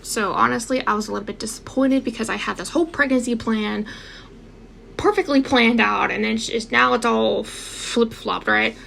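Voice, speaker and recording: Fields: woman, gravelly, animated storyteller. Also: fairly high pitch, moderate pace, slight background noise. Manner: animated, addresses viewers directly, acts out quotes. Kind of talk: casual personal storytelling.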